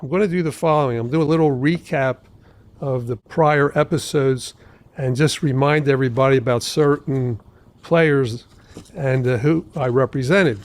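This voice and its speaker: A man in his seventies, a trial lawyer hosting his own podcast, telling stories from his cases in a measured, deliberate way. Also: mid-range voice, soft background music. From Philadelphia area. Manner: measured, deliberate storytelling with asides. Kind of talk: storytelling podcast monologue.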